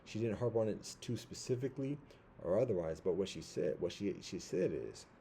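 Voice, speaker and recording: A man giving a casual commentary monologue, halting and rambling with many fillers and restarts. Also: on the low side, expressive, gravelly, dark tone, a little hiss or hum.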